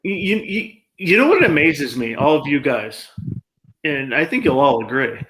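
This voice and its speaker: A man with a slightly higher voice talks casually on a live stream. He rambles through stories with a sarcastic, animated streak. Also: normal speed, a little hiss or hum.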